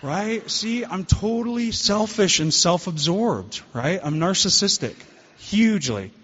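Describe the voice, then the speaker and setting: A man's voice: high-pitched, lively intonation, a little slow, fairly bright tone. A man giving a candid, self-deprecating recovery talk to a meeting. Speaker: guest speaker at a recovery meeting. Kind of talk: personal recovery talk to a group. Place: meeting hall. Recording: dull lo-fi hall recording.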